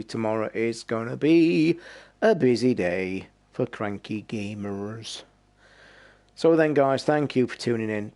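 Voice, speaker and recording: A man's voice: on the low side, gravelly, a little mellow. A tired British man chatting casually and rambling, with occasional swearing, as he wraps up his game live stream. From Britain.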